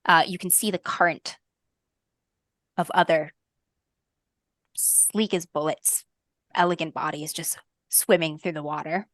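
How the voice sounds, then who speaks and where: A woman game master narrating a fantasy tabletop game in a soft, lyrical way, with frequent ums. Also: sits low, steady tone, a little slow, pauses often, no echo, studio quality.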